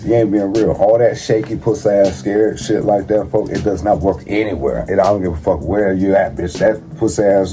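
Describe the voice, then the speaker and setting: Blunt, profane deep-voiced man over music. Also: normal speed, few pauses, warm tone. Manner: blunt, profane street slang. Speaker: vlogger giving street advice. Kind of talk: casual conversational monologue. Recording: music playing behind the voice.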